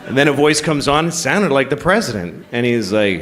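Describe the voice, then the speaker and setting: Crude stand-up guy on stage, voice swooping all over, loud crowd around him. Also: mid-range voice, normal speed, in a large hall. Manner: animated, exasperated, crude. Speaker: stand-up comedian. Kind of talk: stand-up comedy. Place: comedy stage before a live audience. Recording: live show with loud audience noise.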